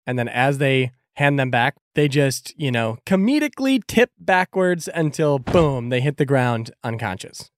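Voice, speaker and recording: Game master, casual chatty narration, middle pitch, dry close sound. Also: sing-song, moderate pace, few pauses, dry recording.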